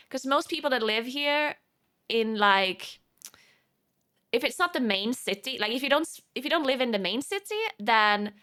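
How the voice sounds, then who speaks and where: Bright-voiced woman chatting on stream. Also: a little high. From South Tyrol, Italy. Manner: rambling, frequent restarts, reads out chat. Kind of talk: casual chat with viewers.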